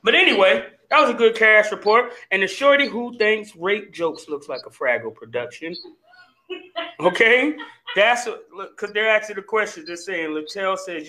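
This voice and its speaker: Podcast host, male, high bright voice, jokey banter, echoey room. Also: lively intonation, normal speed. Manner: joking, teasing, laughs a lot. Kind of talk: casual chat.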